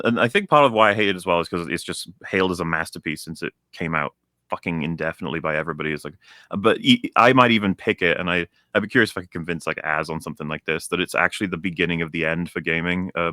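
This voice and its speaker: A man's voice: low-pitched, very fast, bright, forceful tone, no echo, clean studio sound. A young man ranting in a casual show chat, heated and profane, often restarting his sentences. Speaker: co-host.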